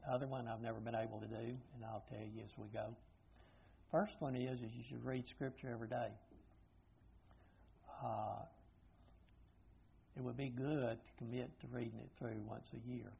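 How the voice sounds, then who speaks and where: A man's voice: mid-range voice, fairly even intonation, a little slow, gravelly, long pauses, slight background noise. An older man teaching an informal Bible study class, plain-spoken and thinking aloud as he goes. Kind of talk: informal lecture to a group. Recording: dull lo-fi recording.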